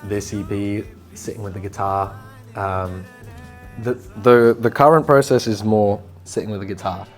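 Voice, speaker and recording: Relaxed musician man, rambling chat. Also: lowish voice, moderate pace, faint music behind. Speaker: musician guest. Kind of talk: casual interview chat.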